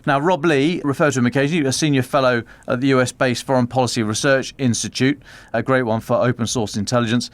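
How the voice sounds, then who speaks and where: A man's voice: mid-range voice, dry recording. A man presenting a news roundup on a podcast, reading quotes with wry asides.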